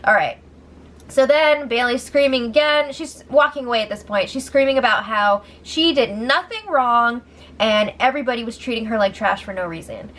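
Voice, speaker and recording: A young woman giving a casual, excitable recap of a reality show, laughing often as she talks. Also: a little high, normal speed, slight background noise.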